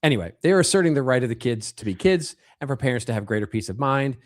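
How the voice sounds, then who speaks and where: A man's voice: mid-range voice, expressive, fast talker, no echo, clean studio sound. A man co-hosting a marketing podcast, chatting casually, reading news headlines aloud and laughing easily. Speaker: podcast co-host.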